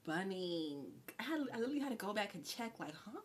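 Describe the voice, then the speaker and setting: A woman's voice: medium pitch, very animated, quick pace, a little hiss or hum. Chatty woman giving a tarot reading. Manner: chatty and effusive, drops into soft whispers. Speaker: tarot reader. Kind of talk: live tarot reading, casual chat.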